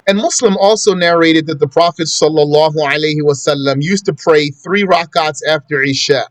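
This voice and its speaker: A man's voice: on the high side, no room sound. A man teaching a classroom lesson on prayer, explaining step by step and reciting Arabic quotations before translating them. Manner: plain conversational teaching with asides to students. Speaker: Islamic studies teacher. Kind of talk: classroom lesson on a law text.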